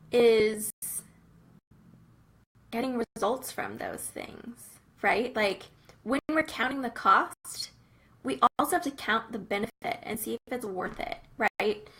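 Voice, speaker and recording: A young woman with a bright, forceful voice, speaking a little higher than most. She talks in an earnest, casual way about faith and running a business, sprinkling in fillers as she goes. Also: rough recording. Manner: earnest and conversational, many fillers like "um" and "like". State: briefly teary-eyed. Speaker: Christian business coach.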